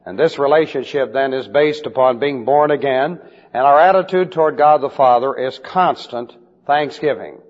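Guy preaching a bible lesson, slightly high voice, old muffled tape with a long echo. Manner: spells out Greek words letter by letter; slow, deliberate emphasis on key phrases. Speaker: pastor. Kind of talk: expository Bible teaching. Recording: dull lo-fi recording with long hall reverb.

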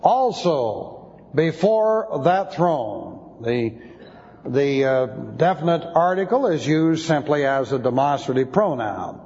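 A man's voice: medium pitch, animated, unhurried, darkish tone. A man teaching an expository sermon, spelling out Greek words letter by letter. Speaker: Bible teacher. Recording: dull lo-fi sound with long hall reverb.

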